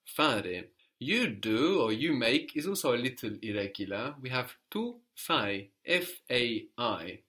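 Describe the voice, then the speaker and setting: A man's voice: medium pitch, sing-song, takes it slowly, bright, forceful tone. A man teaching a language lesson, patiently prompting a student and explaining grammar step by step.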